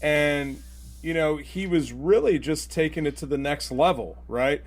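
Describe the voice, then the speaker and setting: A man's voice: a little high, unhurried. A man appearing as a guest on a podcast, talking in a rambling way with lots of "you know" and "right?". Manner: rambling, filler-heavy with tag questions. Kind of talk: casual podcast chat.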